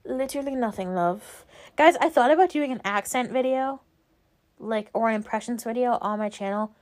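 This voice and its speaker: A woman's voice: on the high side, normal speed. A young woman hosting a casual solo podcast, rambling with lots of "like" and "um" fillers. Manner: rambling, filler-heavy, frequent "like" and "um". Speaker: podcast host.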